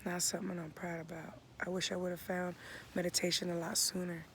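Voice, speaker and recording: A man in his thirties talking in a laid-back, reflective vlog into a phone outdoors at home, often dropping into soft half-whispers. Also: high voice, monotone, a little fast. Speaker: vlogger. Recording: noisy outdoor recording.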